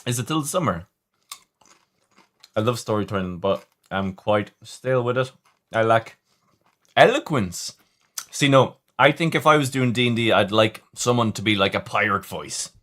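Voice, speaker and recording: A man's voice: fairly low pitch, normal speed, long pauses, fairly bright tone. A man hosting a livestream, chatting casually and rambling as he reads viewer comments. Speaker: livestream host.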